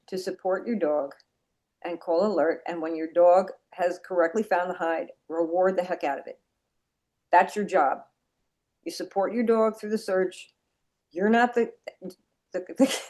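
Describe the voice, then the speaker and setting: A woman's voice: on the low side, normal speed, a little mellow. A woman teaching a dog nose work class over a video call, chatty and repeating her points for emphasis.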